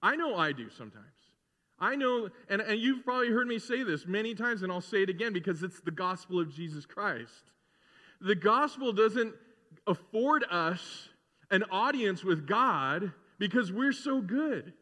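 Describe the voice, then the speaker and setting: A man's voice: high-pitched, animated, moderate pace, sharp tone, big-room sound. A man preaching a sermon as pastor, reading scripture and then talking conversationally, acting out bits of dialogue. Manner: conversational preaching with playful acted-out voices.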